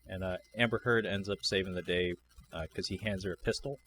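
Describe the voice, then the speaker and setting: A man co-hosting a podcast, chatting casually about a film in a relaxed, wry way, often laughing. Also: low voice, a little fast, a little hiss or hum. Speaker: podcast co-host. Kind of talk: casual film review chat.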